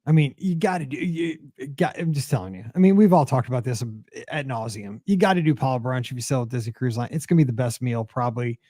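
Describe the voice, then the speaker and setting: Animated man telling a cruise story. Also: fast talker, few pauses, no room sound, clean studio sound. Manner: animated storyteller, many "like" fillers, jumps in pitch when excited. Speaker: podcast host. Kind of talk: casual chat.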